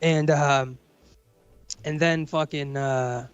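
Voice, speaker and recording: Man, rambling story, heavy swearing, slightly high smooth voice, dull dry mic. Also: steady tone, takes it slowly, no echo, faint music behind. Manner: rambling, heavy swearing, says bro and dude. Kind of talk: casual chat storytelling.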